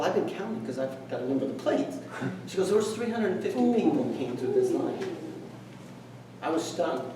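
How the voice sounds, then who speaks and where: A man's voice: fairly high pitch, noisy background. Earnest man telling a story in an echoey hall. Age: middle-aged. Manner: earnest, reflective storytelling with quoted dialogue. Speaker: speaker. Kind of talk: storytelling speech. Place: meeting hall. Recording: echoey room, distant mic.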